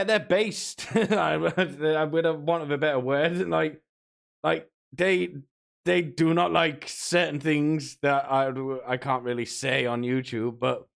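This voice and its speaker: A man's voice: fairly high pitch, gravelly, a bit bright. A man streaming, rambling and mocking in a casual rant, often laughing between remarks. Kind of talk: casual ranting commentary.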